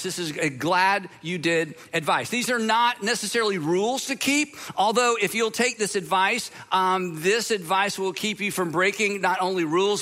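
A man's voice: high voice, pushed and bright. A man speaking as pastor, opening a sermon series in a conversational manner with many fillers. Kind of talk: sermon introduction. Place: church auditorium.

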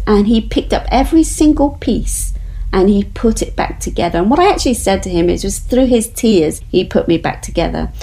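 A woman's voice: medium pitch, warm tone, poor audio. A woman guest earnestly telling a personal story in a conversation.

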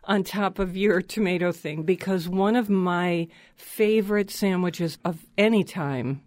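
Unhurried man listing ingredients. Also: high-pitched, no echo. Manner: unhurried, lists ingredients one by one. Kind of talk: casual food chat.

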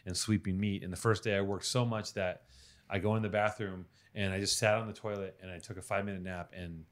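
A man's voice: low-pitched, fairly even intonation, brisk. A man hosting a podcast who chats casually, cracks jokes and swears freely. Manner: joking, profane. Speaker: podcast host. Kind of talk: casual chat.

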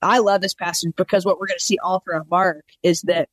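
An enthusiastic co-host on a faith podcast, explaining the background of Bible passages with playful asides. The voice sits at a middle pitch and is recorded close and dry, with no room echo. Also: fairly even intonation, brisk, fairly bright tone. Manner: enthusiastic, jokey explainer of scripture context. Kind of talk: casual Bible-study podcast chat.

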